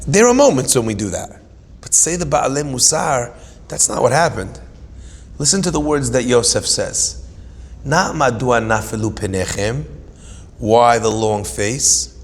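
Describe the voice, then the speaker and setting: Animated man teaching Torah in a hall. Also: medium pitch. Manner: storytelling, humorous asides, dramatic emphasis.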